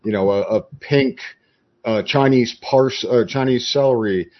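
A man as a podcast guest, explaining his approach in a measured, conversational way. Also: medium pitch, muffled recording.

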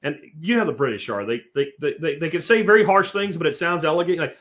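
A man telling a story in casual conversation, his voice rising and falling in a lively, expressive way. He sounds a little above average in pitch, cursing now and then without thinking about it. The recording is slightly muffled and lo-fi. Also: fast. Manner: animated storyteller, swears casually.

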